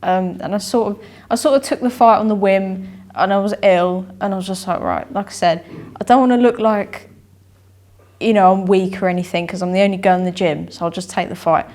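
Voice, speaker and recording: A woman's voice: mid-range voice, steady tone, fast talker, darkish tone. A young woman, a boxer telling her story in an interview, rambling, repeating herself and acting out what she and others said. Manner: rambling, repeats herself, acts out her own inner voice and dialogue. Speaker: amateur boxer, interview guest.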